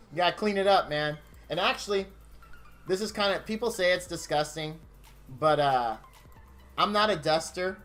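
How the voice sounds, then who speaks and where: A male game streamer with a somewhat high voice talks from his game room at home. He rambles warmly and wears his feelings openly as he chats with his viewers, and faint music plays behind him. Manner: gushing, openly emotional, rambling. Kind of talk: casual stream chat.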